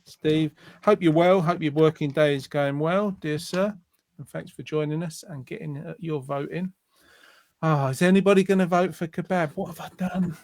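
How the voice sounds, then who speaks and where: A man's voice: fairly high pitch, moderate pace, darkish tone, no room sound. A man hosting a casual online show, reading viewer comments aloud and joking. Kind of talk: casual live-stream chat.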